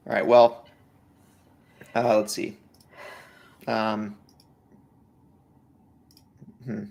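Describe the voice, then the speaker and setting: Man, gravelly voice, teasing banter, casual podcast co-host. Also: lowish voice, little pitch movement, drawn-out words, a little mellow.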